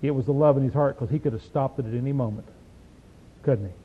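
A man teaching an informal Bible study, reading verses slowly and then explaining them in a folksy, emphatic way. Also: medium pitch, slightly rough. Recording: tinny lo-fi tape recording.

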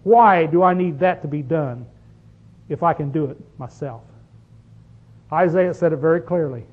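A man with a high voice preaches a sermon, firing rhetorical questions at his listeners and stretching out the phrases he wants to land. The recording is dull and lo-fi. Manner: emphatic, rhetorical questions to the congregation; drawn-out stress on key phrases.

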